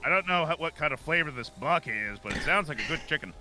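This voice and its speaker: Lively bright-toned man joking casually. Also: on the high side, fast, faint music behind. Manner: jokey, animated, riffing with quips. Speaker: streamer building a model kit. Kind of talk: casual chat while building.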